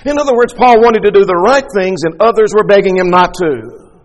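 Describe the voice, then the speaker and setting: A man's voice: high-pitched, brisk. A man preaching a sermon emphatically, asking rhetorical questions and repeating key lines. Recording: long hall reverb.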